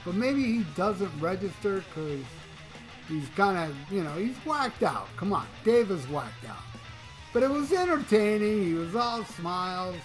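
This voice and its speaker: A man's voice: high-pitched, sing-song, measured pace, soft background music. A man giving casual rock news commentary as a YouTuber, profane and mocking, often chuckling.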